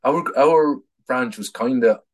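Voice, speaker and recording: A man's voice: medium pitch, takes it slowly. An Irish man in his thirties, a political activist guest telling stories in casual conversation, often repeating words and laughing at his own anecdotes. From Ireland.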